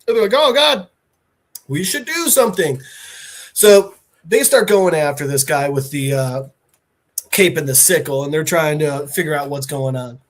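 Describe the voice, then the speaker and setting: Podcast host guy, rambly and animated, lots of ums, telling a comic story. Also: on the high side, normal speed. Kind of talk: casual retelling of a comic.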